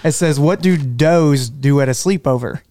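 A man's voice: fairly high pitch, moderate pace, warm tone. A church staff member, a man, teasing the others in casual chat. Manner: teasing, repeats himself.

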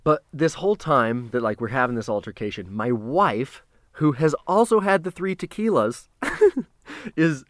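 A man telling a personal story in a casual, profane way, halting and restarting, with sudden louder bursts. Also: mid-range voice, sing-song, no echo, studio quality.

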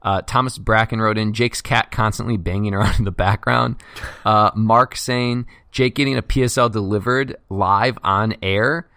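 Male podcast co-host, lowish voice, casual and joking, dry close mic. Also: fairly even intonation, pushed and bright, no echo. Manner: loose, joking, reads listener write-ins quickly.

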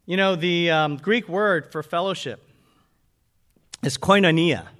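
Man, pastor, sermon, fairly high voice, conversational, rhetorical questions. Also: takes it slowly, fairly bright tone.

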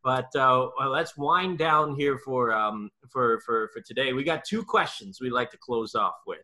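A man's voice: medium pitch, a little slow, bright, forceful tone. A man hosting a podcast in casual chat, friendly and easygoing with hesitant fillers. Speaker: host.

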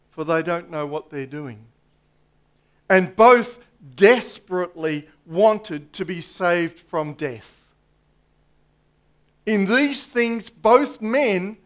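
A man delivers a sermon in a fairly high voice. He takes his time, weighing each phrase with long pauses, and often sinks to a hush at the end of a point. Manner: slow, emphatic preaching with dramatic pauses and drops to a hush. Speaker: preacher.

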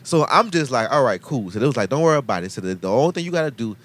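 A young man telling a long story in casual chat, slangy and animated, acting out the people he quotes. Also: medium pitch, racing. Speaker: podcast guest telling a story.

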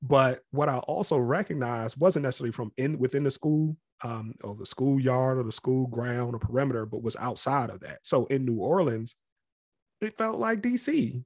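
Man, interview guest, from near D.C., reflective storyteller, candid, mid-pitched, dry close sound. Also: moderate pace, no room sound. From Capitol Heights area near Washington, D.C. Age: adult past college age. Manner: reflective and candid, often acts out other people's voices.

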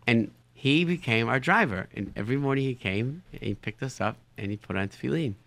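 A man's voice: mid-range voice, animated, fairly quick, creaky, fairly bright tone, no echo. A man telling casual anecdotes animatedly, often repeating words as he finds his phrasing. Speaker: storyteller, show guest.

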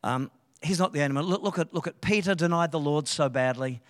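An Australian pastor with a high-pitched voice preaches to his church in an animated, conversational manner, often breaking off and restarting his sentences for emphasis. His voice carries a long reverb from a large church hall. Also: brisk. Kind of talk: sermon. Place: church hall, live service.

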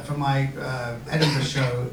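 A man appearing as a guest comedian, trading banter and telling stories in a wry, deadpan way. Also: mid-range voice, moderate pace, a crowd in the background. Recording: echoey venue, distant mic, background noise.

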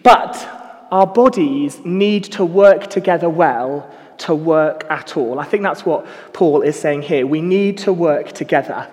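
A man's voice: a little high, measured pace, a little mellow, long reverb tail. A young man giving a casual, self-mocking sermon full of personal stories. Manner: self-mocking, chatty storytelling. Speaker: preacher.

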